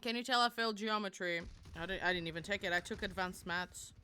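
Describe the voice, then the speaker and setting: A woman's voice: medium pitch, fast talker, bright, forceful tone, clean tone. A young woman streaming, chatting casually and rambling to her viewers. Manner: chatty and rambling, talks to chat. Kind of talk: casual live-stream chat.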